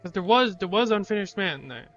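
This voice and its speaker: A man's voice: high voice, animated, fairly quick, a bit bright, dull audio, faint music behind. A man streaming a video game live, reading its text aloud and reacting with sudden swearing.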